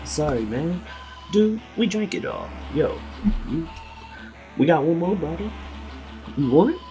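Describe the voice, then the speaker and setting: A man voicing a relaxed, slangy male pirate captain who shrugs everything off. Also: a little high, unhurried, faint music behind, voice pushed up. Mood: easygoing.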